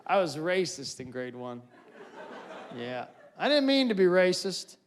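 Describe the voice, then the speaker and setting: High-voiced man doing stand-up. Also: unhurried, slight background noise. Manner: animated, acts out voices and scenes. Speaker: stand-up comedian. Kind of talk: stand-up comedy. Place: auditorium stage before a live audience.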